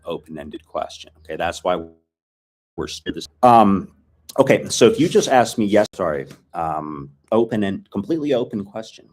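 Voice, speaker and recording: A man teaching a filmed language lesson in a relaxed, chatty way, repeating phrases to drill them. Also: low voice.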